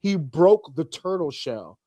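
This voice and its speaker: A man's voice: fairly high pitch, slow, no echo. A man co-hosting a casual podcast, telling funny stories with lots of swearing and acted-out voices. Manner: animated storyteller, acts out voices, swears freely. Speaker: podcast host. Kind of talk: casual comedic chat.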